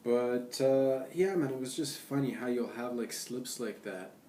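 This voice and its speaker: A man's voice: mid-range voice, measured pace, warm tone, slight background noise. A young man talking in a casual, rambling monologue, laid-back and loose, tossing in "man" and "dude". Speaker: vlogger. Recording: roomy echo, distant from the mic.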